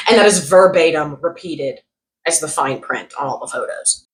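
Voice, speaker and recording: A young woman vlogging comedic product reviews, sarcastic and animated, jumping from loud outbursts to muttered asides. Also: deep voice, moderate pace, poor audio. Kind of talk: casual comedic commentary.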